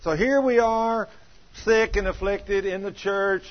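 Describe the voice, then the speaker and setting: A man preaching a sermon in church, asking the congregation questions and swinging between low, quiet asides and loud outbursts. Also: fairly even intonation, slow. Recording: dull lo-fi sermon recording.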